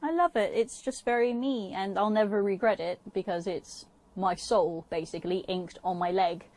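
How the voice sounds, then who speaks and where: A woman's voice: mid-range voice, moderate pace, a little mellow. Woman in a doc interview, gushy, lots of ums. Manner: gushing, hesitant with fillers. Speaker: documentary interviewee.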